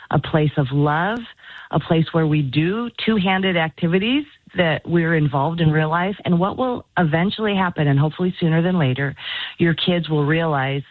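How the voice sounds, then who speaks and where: Woman, radio guest, earnest and encouraging, lowish voice, tinny phone-line sound. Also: dry recording. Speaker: guest author. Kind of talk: call-in radio talk. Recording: phone-line quality, dry.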